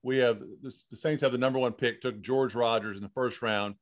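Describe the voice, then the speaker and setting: Brief: man podcast host, easygoing storyteller, mid-pitched voice. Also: a little fast, dull audio. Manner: relaxed, chatty storyteller. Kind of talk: casual interview chat.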